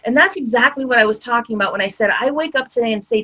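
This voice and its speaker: A woman's voice: a little high, animated, fast, pushed and bright, low-quality recording. A woman giving a conversational motivational talk, speaking directly to her audience in an upbeat way. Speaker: summit speaker.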